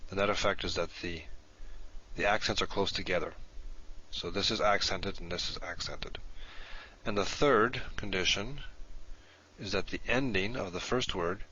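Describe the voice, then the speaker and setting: Deep-voiced man lecturing on a dull recording. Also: moderate pace, bright, forceful tone, husky. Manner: methodical, lists conditions step by step. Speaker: Hebrew grammar lecturer. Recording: dull lo-fi video playback.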